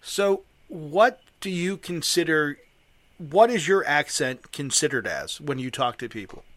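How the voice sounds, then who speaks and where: A man's voice: a little high, lively intonation, a little slow, fairly bright tone, no room sound. An older man from Western Pennsylvania with a local accent, hosting a casual chat and explaining things at length with enthusiasm. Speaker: host. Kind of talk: casual conversation.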